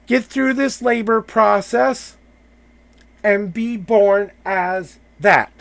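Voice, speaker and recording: Man, live tarot host, emphatic, repetitive, raised pitch, gravelly fry. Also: extremely slow, a bit bright. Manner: emphatic, repeats affirmations insistently. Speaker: tarot reader hosting a live stream. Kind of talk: live one-on-one tarot reading, motivational coaching.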